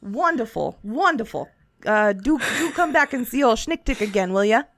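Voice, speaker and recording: A cagey, friendly handyman drawls in a put-on Southern voice, as a woman plays him. He stumbles over his words in a folksy, roundabout way. The sound is close and dry, with a fairly high voice underneath. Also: big pitch swings, moderate pace, a bit bright, no room sound. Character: shady folksy male handyman tinkerer, friendly but cagey.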